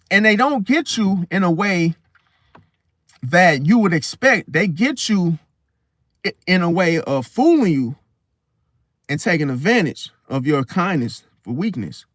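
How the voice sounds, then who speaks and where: A man talking casually to camera as the host of an astrology video, rambling and slangy, restarting his sentences often. His voice sits fairly high for a man. The recording is dry and close, with no room sound. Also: expressive, measured pace, dry recording.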